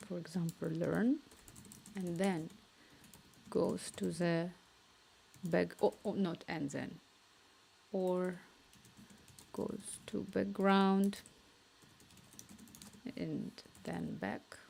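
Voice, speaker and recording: A woman streaming herself coding, thinking aloud and dictating requests haltingly into a cheap microphone at home. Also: lowish voice, steady tone, creaky, darkish tone, slight background noise.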